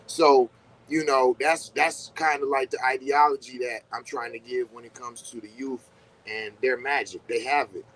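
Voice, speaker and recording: A man's voice: mid-range voice, fairly even intonation, moderate pace, fairly bright tone, low-quality recording. Laid-back man in casual spiritual talk. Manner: loose, conversational, swears often, acts out quoted reactions. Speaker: podcast host.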